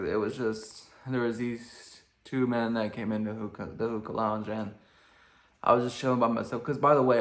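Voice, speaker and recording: Laid-back young man with a gravelly voice. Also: mid-range voice, a bit bright. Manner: laid-back, rambling, lots of fillers. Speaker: vlogger. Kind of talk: casual storytelling. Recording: echoey room.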